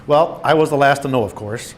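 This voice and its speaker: An older man reads his own tales aloud with lively storytelling, his pitch sitting in an ordinary middle range. A faint hum of room ambience sits behind him as he talks to a small gathering. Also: a little fast. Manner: storytelling with animated quoted voices. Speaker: author giving a presentation. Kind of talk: reading his memoir stories aloud. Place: meeting room.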